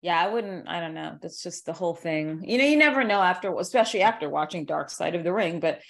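A woman's voice: fairly low pitch, lively intonation, fast, gravelly. A woman hosting a podcast, chatting casually in a blunt, profane way and laughing often. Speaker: podcast host. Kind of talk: casual chat.

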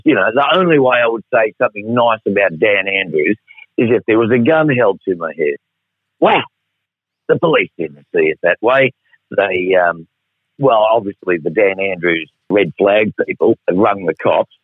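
A man's voice: lowish voice, expressive, moderate pace, slightly rough, no echo. A middle-aged Australian man telling a rambling, profane, wry story as a radio guest. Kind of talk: casual storytelling on air. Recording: tinny phone line, dry.

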